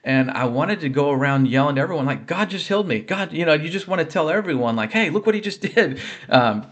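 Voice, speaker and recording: Earnest man giving a faith testimony. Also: mid-range voice. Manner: earnest and conversational, with many fillers and restarts. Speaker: ministry speaker sharing a healing testimony. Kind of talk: personal faith testimony told to camera.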